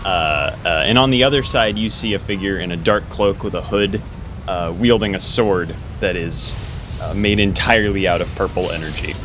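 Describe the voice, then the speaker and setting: A man with a fairly low voice narrates a tabletop game as game master. He sets scenes in a relaxed way, often stopping on fillers. Faint ambient noise runs underneath. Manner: relaxed, with frequent filler pauses.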